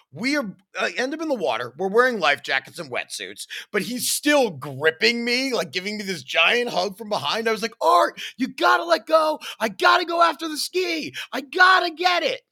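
A podcast host with a high-pitched voice tells a story about himself, animated and acting out his own shouts and sound effects.

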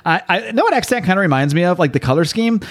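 A man's voice: sits high, expressive, quick pace. A man co-hosting a comics podcast, recapping a story in a rambling, laughing, swearing way. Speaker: podcast co-host.

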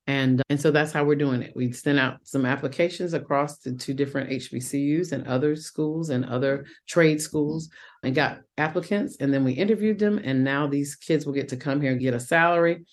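Speaking fairly quickly in a low voice, this Southern woman, a Broadway actress, is a guest in a casual video-call interview. She comes across warm and chatty, tossing out "honey" and "boo."

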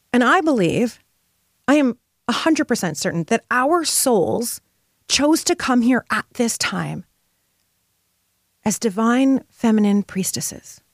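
A woman's voice: fairly high pitch, no room sound, studio quality. A middle-aged woman hosting a motivational podcast, speaking in an impassioned, emphatic, spiritual way. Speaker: podcast host.

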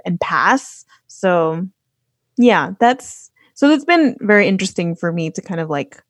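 A woman's voice: on the low side, animated, measured pace, dry recording. A woman talking as a podcast guest in a loose, chatty way, full of fillers. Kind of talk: casual interview chat.

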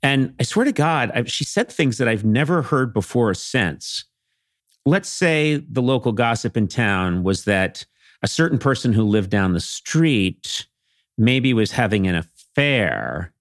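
Animated comic storyteller, middle-aged man. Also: mid-range voice, measured pace, no room sound, clean studio sound. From Massachusetts. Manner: animated, swings into playful character voices. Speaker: podcast guest.

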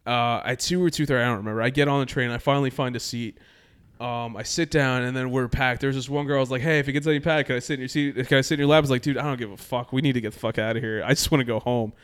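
A man from New Jersey telling a long story in casual chat, animated and full of swearing. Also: mid-range voice, racing, clear, resonant tone.

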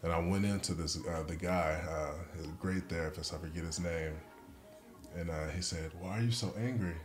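A man's voice: deep voice, little pitch movement, moderate pace, faint music behind. A man, a former pro football player, telling a long, profane story in casual conversation and laughing at himself along the way. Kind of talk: casual podcast chat.

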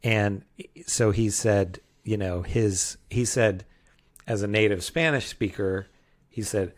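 A man's voice: on the low side, steady tone, measured pace. A man co-hosting a podcast, reviewing a film in casual chat, rambling and hesitant. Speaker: podcast co-host.

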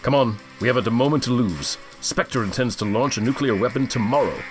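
A man's voice: mid-range voice, brisk, lightly acted. A man playing a James Bond parody. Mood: brisk. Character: suave male secret agent, self-serving. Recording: music playing underneath.

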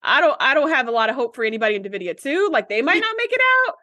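A woman's voice: on the high side, very animated, very fast, pushed and bright, no room sound. A woman co-hosting a podcast, chatting casually and retelling scenes with quoted lines. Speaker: podcast co-host. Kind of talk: casual chat recapping a TV episode.

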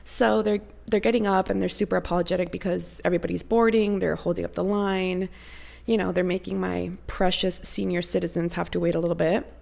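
A woman's voice: fairly low pitch, steady tone, brisk, gravelly, a little mellow. A young woman chatting casually to her viewers, telling a story in a gushing, rambling way with many fillers. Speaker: vlogger.

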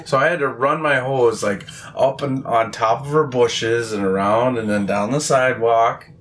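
A man's voice: medium pitch, normal speed, fairly bright tone, slight background noise. A young man casually and animatedly telling work stories in a podcast interview, often laughing.

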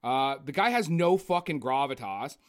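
A man ranting in a casual, profane film review chat, animated and blunt. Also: mid-range voice, moderate pace. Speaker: podcast co-host.

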